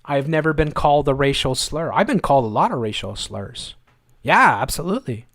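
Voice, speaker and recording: Guy ranting on his live show, sarcastic and fired up, bit high pitched, dead dry mic. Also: expressive, a little fast, fairly bright tone, dry recording. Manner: angry, sarcastic, repetitive. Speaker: livestream host.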